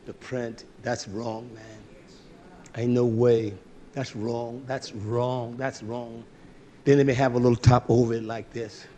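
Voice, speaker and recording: A male preacher giving a fiery, blunt sermon, swinging from shouts to low asides. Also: a little hiss or hum.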